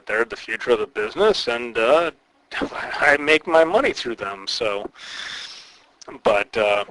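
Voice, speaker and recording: A man hosting a wrestling podcast, rambling on in an opinionated way and filling his speech with "uh" and "you know." His voice is mid-pitched and bright, recorded dry and close on a podcast mic. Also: no echo, rough recording. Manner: rambling, opinionated, many fillers. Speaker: podcast host, wrestling promoter. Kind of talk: casual podcast commentary.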